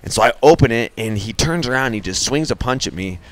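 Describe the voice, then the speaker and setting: A man's voice: mid-range voice, animated, fast talker. A man telling a story as a guest on a radio show, laid-back and full of fillers. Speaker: guest fighter. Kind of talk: casual storytelling.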